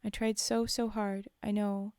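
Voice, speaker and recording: A desperate teenage girl speaks through held-back tears, begging her father to understand. A woman reads her lines aloud in a soft, mellow tone, recorded close and dry. It sounds like a read-aloud horror story. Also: medium pitch, flat delivery, unhurried, clear, resonant tone, dry recording, lightly acted. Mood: pleading, tearful. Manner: pleading, on the verge of tears.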